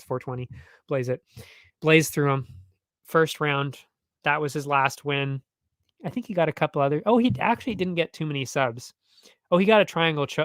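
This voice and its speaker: A man with a somewhat high voice talks through his betting picks in a loose, slangy ramble, often correcting himself mid-thought and chuckling at his own jokes. The sound is close and dry, with no room around it. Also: a bit bright, clean tone, no echo. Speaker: betting tipster host. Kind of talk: casual solo betting talk.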